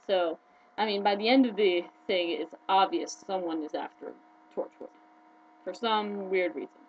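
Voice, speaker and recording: A chatty, excitable woman talks casually to her viewers, her voice leaping up whenever she gets worked up. The recording is dull and lo-fi, with a faint hum underneath. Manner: chatty and excitable, with quick jumps in pitch. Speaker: video blogger. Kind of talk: casual fan chat to camera.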